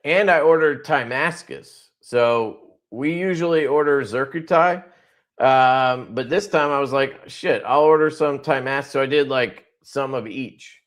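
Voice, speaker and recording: A man's voice: mid-range voice, measured pace, fairly bright tone. A man hosting a casual livestream who rambles loosely, swears freely and laughs often. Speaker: livestream host.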